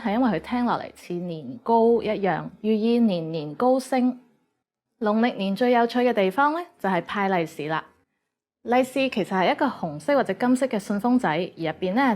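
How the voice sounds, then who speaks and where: A woman giving a clear, measured, scripted narration for a language lesson. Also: mid-range voice, a little mellow. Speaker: language teacher.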